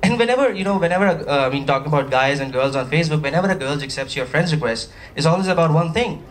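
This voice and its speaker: Pakistani stand-up comic, fairly high voice, lively banter with the crowd, live mic a bit distant with faint hiss. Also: male voice, quick pace. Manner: chatty, animated, with playful asides to the audience. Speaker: stand-up comedian. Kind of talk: stand-up comedy routine. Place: comedy stage before a live audience.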